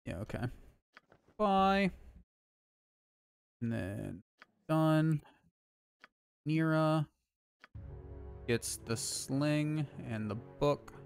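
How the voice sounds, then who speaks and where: A young man streaming a video game from home, chatting casually with a relaxed, sweary manner and lots of fillers. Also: a little high, extremely slow, creaky, pauses often, clean tone, no room sound, faint music behind. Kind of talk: casual gameplay chat.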